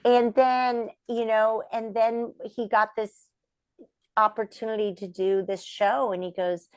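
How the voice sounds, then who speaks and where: A woman's voice: measured pace, smooth, dry recording. A middle-aged woman, a puppeteer and voice actress, telling stories as an interview guest and acting out the voices of the people she quotes. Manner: animated, acts out quoted voices with big pitch jumps. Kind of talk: storytelling in a podcast interview.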